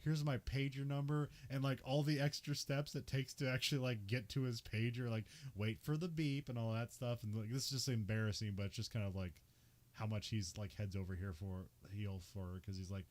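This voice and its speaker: Kinda low-voiced young guy recapping a movie, lots of "like", laughs a bit. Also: fairly even intonation, brisk, a little mellow. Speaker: podcast host. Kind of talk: casual movie recap chat.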